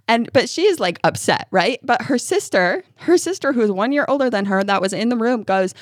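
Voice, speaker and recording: A woman co-hosting a parenting podcast, telling stories in a lively way and laughing often. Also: a little high, a little fast, few pauses, no echo, clean studio sound. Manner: animated storyteller, laughing often. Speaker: podcast co-host and mother. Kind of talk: casual chat and read ad.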